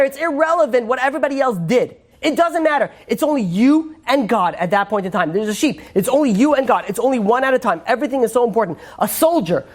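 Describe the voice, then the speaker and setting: A rabbi giving an informal Torah class, a man who chats freely, acts out little scenes and keeps saying "you know.". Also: extremely high pitch. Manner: chatty, acts out quotes, many fillers.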